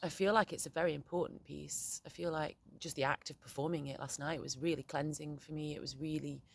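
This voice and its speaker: A young woman speaks straight to camera in a candid, unguarded monologue. Her voice sits a little low, and she swears freely, stopping and restarting her sentences as she goes. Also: fairly even intonation, brisk, vocal fry, a little hiss or hum. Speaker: poet and vlogger. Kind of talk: emotional casual monologue.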